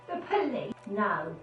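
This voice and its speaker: A woman's voice: medium pitch, reverberant, dull audio. An actress voicing a suspicious, scolding elderly woman in a video game. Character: cranky elderly woman behind a locked door.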